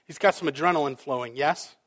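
A male pastor preaching a sermon, dramatic, with rhetorical questions and swings between loud and soft. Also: a little high, fast talker.

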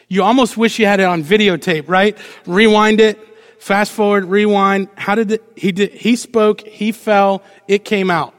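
High-pitched guy preaching, lots of rhetorical questions, playful acted-out quotes, long echo like a big church. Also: steady tone, normal speed. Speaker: pastor. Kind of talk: sermon. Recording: long hall reverb.

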